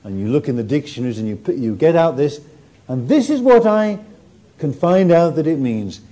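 Male preacher, expressive storyteller, lively pitch, mellow tone. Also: moderate pace. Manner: animated storytelling with warm humour. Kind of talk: sermon.

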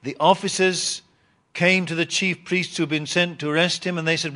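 A man preaching a Bible teaching sermon, reading scripture and explaining it with emphatic rises and pauses. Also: high voice, bright, forceful tone. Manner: reads scripture aloud and repeats words.

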